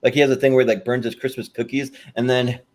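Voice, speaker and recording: A man's voice: medium pitch, little pitch movement, quick pace, a little mellow. A man hosting a podcast, recapping a comedy sketch in a rambling, casual way. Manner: rambling, many fillers and restarts, laughs often. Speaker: podcast host.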